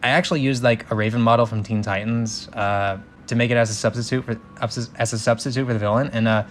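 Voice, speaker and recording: A man's voice: medium pitch, fairly even intonation, fast, slight background noise. A young man reading a film script aloud, breaking off to joke and apologize in a self-mocking way. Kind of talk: script reading with casual commentary.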